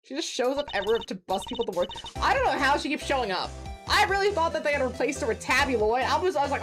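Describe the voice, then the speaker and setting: Giggly high-voiced woman streaming a game. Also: expressive, fast talker, fairly bright tone. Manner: chatty and giggly, self-mocking asides. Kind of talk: casual gameplay commentary. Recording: game music under voice. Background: game music.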